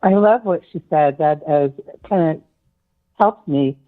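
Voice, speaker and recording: A caller phoning into a poetry discussion, warm and enthusiastic and a little rambling. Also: mid-range voice, a little slow. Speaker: phone-in caller. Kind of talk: casual seminar discussion. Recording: tinny phone line.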